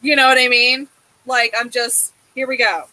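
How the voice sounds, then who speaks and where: Bright-voiced woman giving a tarot reading. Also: fairly high pitch, level tone, normal speed, a little hiss or hum, poor audio. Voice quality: emotive, sweary, reassuring. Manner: soothing, repeats "okay?". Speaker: tarot reader.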